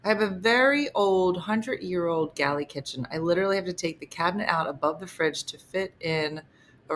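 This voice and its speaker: Middle-aged woman host, low bright voice, chatty and loose, reads comments aloud. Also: slight background noise. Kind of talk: casual livestream chat.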